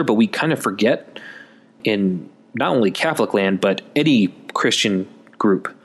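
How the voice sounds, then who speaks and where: A man giving a conversational Catholic Advent sermon in a folksy, chatty way, calling listeners folks. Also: mid-range voice. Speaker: Catholic preacher.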